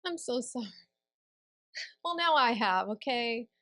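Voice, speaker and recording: A middle-aged woman co-hosting a podcast, telling a personal story in casual chat and quoting others in a lowered voice. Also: expressive, unhurried, fairly bright tone. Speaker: podcast co-host.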